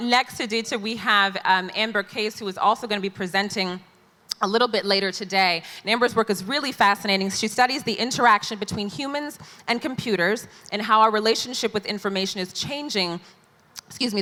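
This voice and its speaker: Bright-voiced woman moderating a panel. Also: mid-range voice. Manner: chatty, playful with guests. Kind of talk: live panel introductions. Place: large conference hall stage. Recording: long hall reverb.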